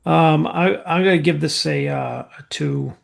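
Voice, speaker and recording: Gravelly, hesitant male co-host. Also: on the high side, measured pace. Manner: hesitant, many fillers. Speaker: podcast co-host. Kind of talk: casual chat.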